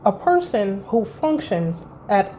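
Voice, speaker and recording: A woman's voice: mid-range voice, sing-song, slow pace, mellow. A woman in her thirties telling a personal story in a blunt, profane, exasperated way to her vlog audience. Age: 30s. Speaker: vlogger. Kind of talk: candid storytime vent. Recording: dull lo-fi recording with faint noise.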